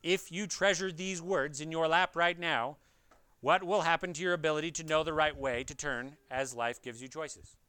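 A man's voice: fairly high pitch, moderate pace, pushed and bright, clear, resonant tone. A man preaching an expository sermon, earnest, pressing his point with rhetorical questions and speaking straight to his listeners. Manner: addresses listeners directly.

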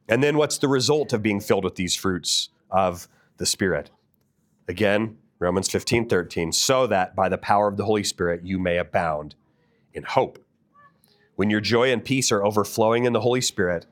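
A man's voice: lowish voice, normal speed. A man preaching a sermon as a pastor, earnest and asking the listeners direct questions.

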